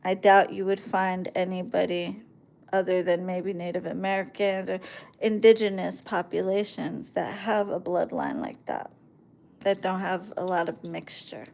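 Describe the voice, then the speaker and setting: A woman's voice: on the low side, a little slow, gravelly, a little mellow. Sarcastic woman ranting on a live stream.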